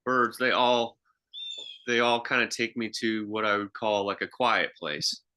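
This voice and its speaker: A man's voice: fairly low pitch, fairly even intonation, unhurried, bright, forceful tone. A man co-hosting a podcast, telling reflective stories in casual chat with frequent restarts. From half Swiss. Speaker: podcast co-host.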